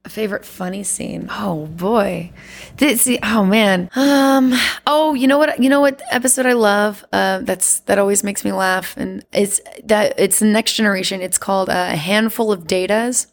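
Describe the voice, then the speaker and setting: A woman chatting as a podcast guest, animated and laughing often, with many fillers. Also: mid-range voice, moderate pace. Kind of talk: casual chat.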